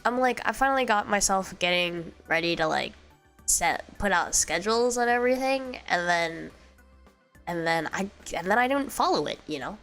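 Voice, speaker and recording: A woman's voice: mid-range voice, lively intonation, normal speed, fairly bright tone, soft background music. A young woman with a cold streaming casual chat, stuffy and nasal, bubbly and rambling. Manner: bubbly, rambling, switches between English and Japanese. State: congested from a cold.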